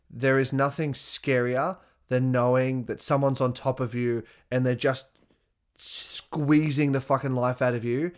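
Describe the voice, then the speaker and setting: A young adult man talking in a casual monologue, swearing often and laughing as he speaks. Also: mid-range voice.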